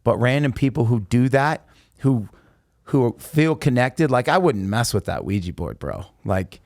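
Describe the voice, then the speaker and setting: Animated man telling stories, dry sound. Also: mid-range voice, a little slow, vocal fry, no echo. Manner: animated, emphatic storyteller. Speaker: podcast guest. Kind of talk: casual storytelling.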